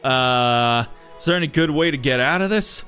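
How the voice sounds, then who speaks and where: A streamer giving casual, excitable commentary while playing a game, swearing and laughing along. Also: medium pitch, normal speed, soft background music. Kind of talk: casual gameplay commentary with read-aloud dialogue.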